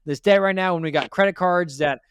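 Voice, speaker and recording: A man's voice: sits high, brisk, a bit bright, smooth, no echo, studio quality. A man hosting a debt interview, giving blunt, lecturing advice and repeating his points. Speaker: financial advice host. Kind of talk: direct money coaching.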